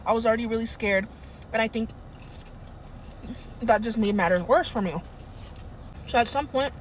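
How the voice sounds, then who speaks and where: A young woman telling a casual storytime anecdote in a profane, animated way. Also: fairly high pitch, moderate pace, long pauses, slight background noise. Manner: profane, animated, swears a lot.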